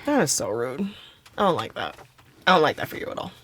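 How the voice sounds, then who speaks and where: A woman's voice: quick pace, a little hiss or hum. A woman in her thirties co-hosting a podcast, chatting casually and telling stories with lots of swearing. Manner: animated storyteller, swears freely, acts out quotes with big pitch jumps. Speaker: podcast co-host. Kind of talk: casual chat.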